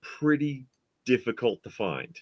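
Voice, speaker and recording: A man's voice: mid-range voice, a little slow. A middle-aged man co-hosting a casual live stream, chatting and telling stories animatedly, acting out quotes as he goes. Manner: animated storyteller, acts out quotes. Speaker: co-host.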